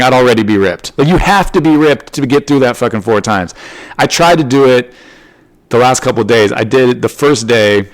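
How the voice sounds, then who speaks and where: A man's voice: medium pitch, animated, a little fast. A man hosting his own comedy podcast, talking in a loose, rambling solo monologue. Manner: rambling, loose, full of "you know" and "like".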